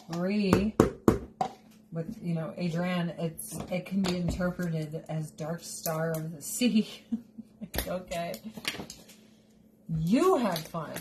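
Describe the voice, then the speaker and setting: Slow, chatty woman cooking in her kitchen. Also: on the low side. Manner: chatty, rambling, jokey asides. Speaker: cooking show host. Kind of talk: casual cooking chat. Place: home kitchen. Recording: noticeable background noise.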